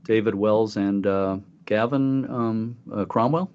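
A man's voice: on the low side, takes it slowly, clean tone. A man co-hosting a talk show, telling a story casually with many fillers and restarts. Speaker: podcast co-host. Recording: dull lo-fi audio.

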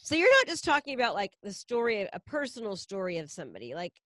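A woman interviewer speaks in a lively, up-and-down voice, asking fast, thinking-aloud questions. Her voice sounds dry and close, with little room sound. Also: medium pitch, no room sound, rough recording. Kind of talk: casual interview chat.

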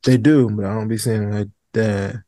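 A man's voice: fairly low pitch, moderate pace, no room sound. Young male podcast host, dry close sound, easygoing and chatty. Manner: relaxed, conversational, trailing off and restarting. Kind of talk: casual chat.

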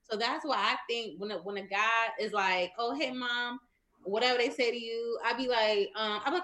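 A woman with an African American English accent tells a story in a casual group discussion. Her voice is high and she talks fast. She acts out the exchanges as she goes. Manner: animated storyteller, acting out exchanges.

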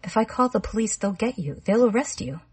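A frightened teenage girl, voiced by a woman, breathy and husky, pleading tensely. Her voice rises high and thin when she panics. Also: brisk, a little mellow.

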